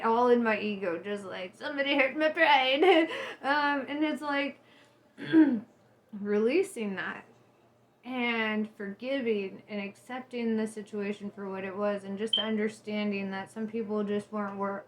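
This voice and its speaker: A young woman vlogging in a casual, rambling monologue to her viewers, full of fillers, swearing and bursts of laughter. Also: fairly high pitch. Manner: profane, animated, talks to viewers as guys. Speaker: spiritual vlogger.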